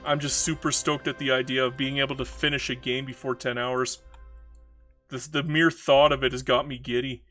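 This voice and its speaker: A man's voice: medium pitch, flat delivery, normal speed, pushed and bright, faint music behind. A man casually commenting on a strategy game while streaming, rambling, mocking himself and reading chat messages aloud.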